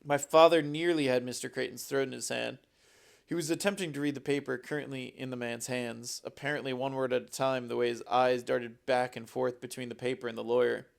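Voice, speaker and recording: A man narrating an audiobook in a measured storytelling manner. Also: mid-range voice, steady tone, vocal fry.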